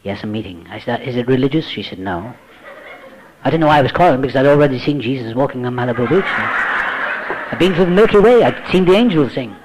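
A man telling his recovery story to a group, acting out the voices he quotes and dropping to a hush at tense moments. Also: mid-range voice, lively intonation, fast, slight background noise, poor audio. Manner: dramatic, acts out quoted voices, drops to hushed tones. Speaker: speaker sharing a recovery story. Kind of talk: personal testimony, storytelling.

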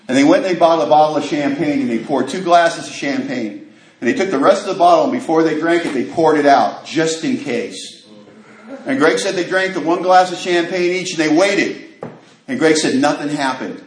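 A man's voice: fairly high pitch, normal speed. Man telling a gritty recovery story. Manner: vivid storyteller, acts out quoted voices, drops to a hush in tense moments; casual street grammar. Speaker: speaker sharing his recovery story. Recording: echoey room.

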